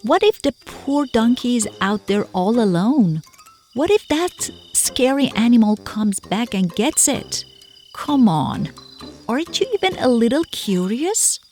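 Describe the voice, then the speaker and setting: Curious, coaxing cartoon guide. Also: female voice, a little high, unhurried. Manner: animated, coaxing, speaks straight to the viewer. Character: friendly, curious young woman guiding a child. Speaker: cartoon voice actor. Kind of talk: children's cartoon acting. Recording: clear music underneath.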